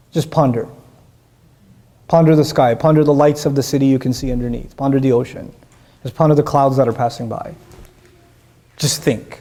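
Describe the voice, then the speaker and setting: A man giving a lecture on Quran verses, telling stories with energy and putting questions to his listeners. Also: mid-range voice. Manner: animated storytelling, asks the audience questions. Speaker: Islamic teacher.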